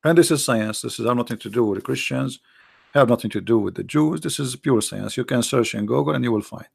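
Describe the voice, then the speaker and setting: Gravelly sarcastic man arguing. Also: medium pitch, brisk. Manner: sarcastic, argumentative, broken English grammar. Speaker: religious debater. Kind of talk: mocking commentary.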